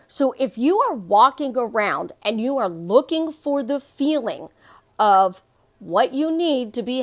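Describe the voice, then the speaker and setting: Middle-aged woman, life coach, high voice, emphatic and repetitive motivational talk. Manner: emphatic, repeats phrases for effect. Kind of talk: motivational monologue.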